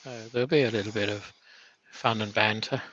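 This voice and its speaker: A man's voice: lowish voice, steady tone, brisk, fairly bright tone, no echo, lo-fi sound. A man with a bad cough, co-hosting a live stream from an office, reading out viewer comments with chatty, teasing banter. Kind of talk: casual live-stream chat.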